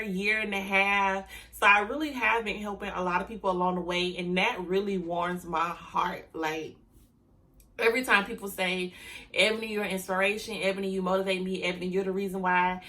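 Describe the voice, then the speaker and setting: A woman running an online business, talking to camera casually, heartfelt and grateful, emotional and close to tears, speaking warmly to her viewers. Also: mid-range voice. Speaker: online business owner and YouTuber.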